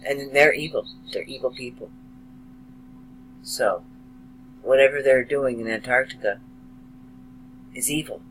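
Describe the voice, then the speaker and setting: Male vlogger, slow heartfelt delivery, bright tone. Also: medium pitch, slight background noise, low-quality recording. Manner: slow, emotional, heartfelt, dramatic pauses. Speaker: video blogger. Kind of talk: slow earnest monologue to camera.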